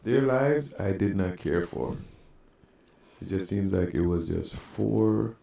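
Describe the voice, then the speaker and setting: A man's voice: low-pitched, takes it slowly, gravelly, mellow, very echoey, far from the mic. A man co-hosting a podcast in casual chat, joking bluntly and laughing often. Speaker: podcast co-host.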